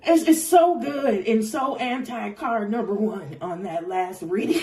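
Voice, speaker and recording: A woman giving an intuitive tarot reading, passionate and exclaiming, slipping into speech and now and then into song. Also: medium pitch. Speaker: tarot reader.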